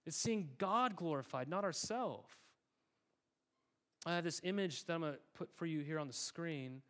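Fairly high-voiced man preaching casually. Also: animated, normal speed, a bit bright. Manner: conversational, emphatic, repeats words. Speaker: pastor. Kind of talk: sermon.

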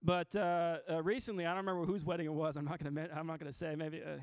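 A man's voice: fairly high pitch, level tone, fast talker, clear, resonant tone, no room sound, studio quality. A man in his thirties preaching a sermon in an earnest, informal way, often restarting his sentences. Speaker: pastor. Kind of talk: conversational sermon.

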